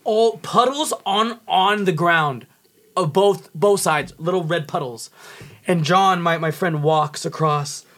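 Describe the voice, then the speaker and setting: A man with a high, light voice and a Californian accent tells a wild story in loose, casual talk. He swears freely and slips into the voices of the people he describes, with plenty of frantic energy. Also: takes it slowly, fairly bright tone. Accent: Californian English. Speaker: podcast guest.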